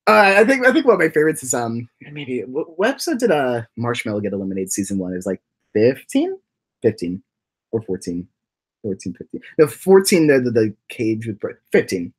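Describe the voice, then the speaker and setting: Animated young man rambling on a livestream. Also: fairly quick, slightly rough. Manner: rambling, with many repeated words and restarts; swings often into high, giddy laughing bursts. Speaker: livestream host and animation creator. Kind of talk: casual livestream ramble, reading chat comments.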